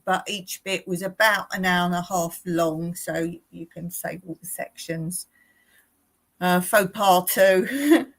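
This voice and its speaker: A woman's voice: mid-range voice, a bit bright, rough recording. A middle-aged woman hosting a casual live stream, chatty and rambling, often laughing as she talks.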